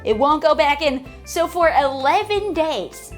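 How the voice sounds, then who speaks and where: A woman hosts a casual book club recap, chatty with lots of fillers and some swearing. Her voice is high with lively intonation, a little slow, and faint music plays behind her.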